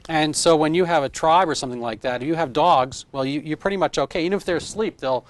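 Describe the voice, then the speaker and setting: Speaking quickly in a voice on the high side, a man in his 50s who works as a doctor chats informally with an interviewer, wandering through explanations and leaning on folksy comparisons.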